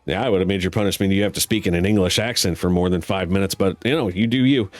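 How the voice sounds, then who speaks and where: A man's voice: sits low, fast, dry recording. A man hosting a streamed game show, teasing his guest with bawdy jokes and running through the rules. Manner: joking, teasing, bawdy patter.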